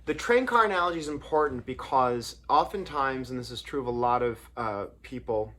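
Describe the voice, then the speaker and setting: Casting note: male songwriter, mid-pitched, casual and anecdotal, loose self-correcting delivery. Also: brisk, bright, forceful tone. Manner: anecdotal, rambling with restarts and fillers. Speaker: songwriter and lyricist. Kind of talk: casual talk on songwriting craft.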